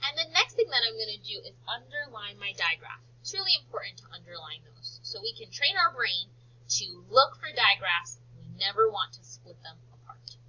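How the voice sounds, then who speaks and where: A woman teacher leading a slow phonics lesson for young children, stretching out words for them to repeat and praising them often. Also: medium pitch, sing-song, pushed and bright, husky, highs cut off. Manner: slow, drawn-out word modelling and encouraging praise.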